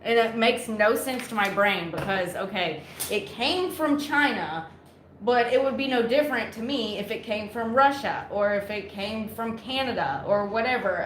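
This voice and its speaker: A playful woman co-hosting a casual podcast chat, talking in a teasing, chatty way. Her voice sits in the middle range and rings in an echoey room. A faint hiss of noise runs behind her. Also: fairly high pitch. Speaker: co-host.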